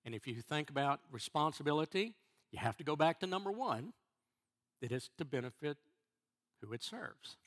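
A middle-aged man, a church elder, preaching a sermon in a halting way, repeating words and restarting before stressing key phrases. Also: a little high, expressive, a bit bright.

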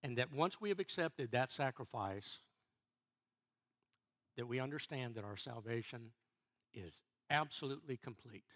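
A middle-aged man, a church elder, preaching a sermon in a halting way, repeating words and restarting before stressing key phrases. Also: medium pitch, expressive, fairly bright tone.

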